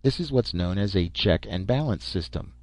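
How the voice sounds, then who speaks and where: A man reading a sharp, dry-witted agent. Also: low voice, animated, normal speed, no room sound. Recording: dull lo-fi recording.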